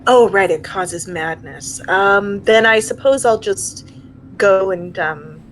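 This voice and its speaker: A woman's voice: mid-range voice, takes it slowly, a little hiss or hum. A woman speaking as a player in a tabletop role-playing game, hesitant and filler-heavy. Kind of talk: casual tabletop play.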